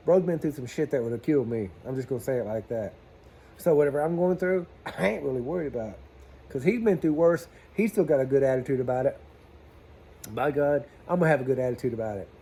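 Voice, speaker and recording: Here a plumber tells casual vlog stories with lively intonation at a fairly quick clip, pausing often. His medium-pitched voice is warm with vocal fry, and a little hiss or hum sits under it. The delivery is folksy and chatty, full of southern-style slang and acted-out dialogue.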